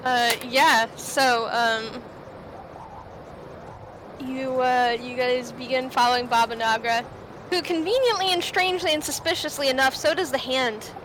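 A woman narrating a tabletop game as the game master, in a relaxed, unhurried way with many fillers. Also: high-pitched. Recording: noticeable background noise.

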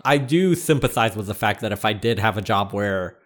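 A man's voice: fairly low pitch, expressive, brisk, a bit bright. Easygoing guy cohosting a podcast, voice bounces up and down a lot, reads listener notes. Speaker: podcast co-host. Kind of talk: casual chat.

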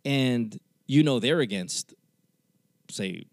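A man's voice: mid-range voice, takes it slowly, dry recording. A man in his thirties from the Philippines, a podcast host telling a candid personal story, swearing and acting out the people in it. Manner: candid, swearing, animated retelling with quoted voices. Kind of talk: casual storytelling.

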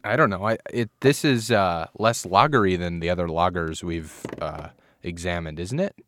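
A man's voice: sits low, moderate pace, fairly bright tone, no echo, studio quality. A man co-hosting a casual beer-tasting podcast, joking, rambling and laughing often. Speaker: podcast co-host. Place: indoor recording studio.

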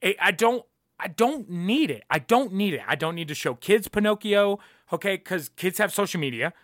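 This podcast host is a young man whose voice runs high and expressive at a normal speed, with a touch of brightness. He rants in a casual, emphatic way, cursing frequently and repeating himself, and the studio-quality recording has no echo.

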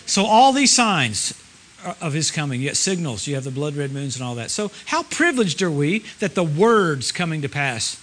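A middle-aged man preaching a sermon at a church service, animated, swinging from loud exclamations to low murmurs. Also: normal speed. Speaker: guest preacher.

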